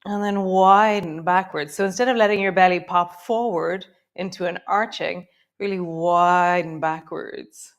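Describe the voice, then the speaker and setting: Gentle woman leading a yoga class. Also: lowish voice, fairly even intonation, a little slow. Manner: gentle, encouraging cues with chatty asides. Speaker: yoga teacher. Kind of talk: live guided yoga class.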